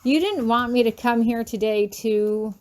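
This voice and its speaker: A woman's voice: fairly high pitch, measured pace, a little mellow, lightly acted. A woman reading aloud the lines of a defiant young woman student, heated, raised and pleading, in an amateur audiobook of fan fiction. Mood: accusing.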